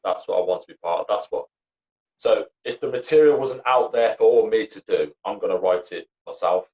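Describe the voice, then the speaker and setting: Dull lo-fi audio captures a young podcast guest, a comedy actor and writer, talking casually at a moderate pace with a fairly low pitch. His style is blunt and full of curses, wandering along with many fillers.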